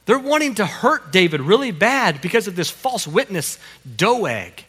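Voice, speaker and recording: A man preaching with a bright, slightly high voice that swings widely in pitch. He coaches and encourages as he goes, repeating his phrases. His voice rings out in a church hall with a long reverb. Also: very animated, normal speed, breathy edge. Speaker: pastor. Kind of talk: sermon with children acting out a psalm.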